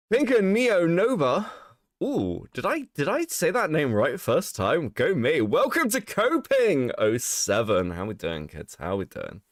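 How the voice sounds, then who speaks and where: A man with a cold hosts a casual livestream in a rough, sick-sounding voice. He swears freely, laughs a lot and reads chat aloud, his pitch swinging hugely up and down at a slightly slow pace. The audio is dry and close-miked, with no echo.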